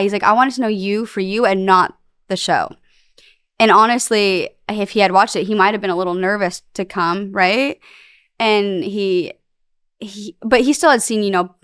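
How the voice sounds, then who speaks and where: A woman in her thirties telling her story in a candid interview. Her voice is smooth and clear, at a middle pitch. She speaks close to the mic in a dry, dead room, rambling through fillers and restarts. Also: a bit bright, dry recording. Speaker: guest.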